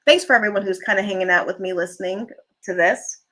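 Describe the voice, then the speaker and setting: A livestream host with a mid-range voice that has a bright, forward edge chats loosely during a relaxed stream. She drifts from story to story, pausing to read out viewers' comments and thank them.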